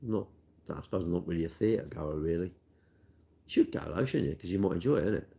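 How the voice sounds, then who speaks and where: An older Englishman chats casually and rambles, poking fun at himself and calling everyone mate. His voice sits low with a gravelly, creaky edge. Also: lively intonation, brisk, warm tone. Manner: rambling, self-deprecating, matey. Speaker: cake shop worker answering viewer questions. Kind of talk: casual chat.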